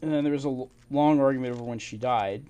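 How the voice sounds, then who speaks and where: A man giving casual, halting commentary while reading through old documents. He thinks aloud, restarts often and chuckles to himself. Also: medium pitch, mellow, dull audio. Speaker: channel host.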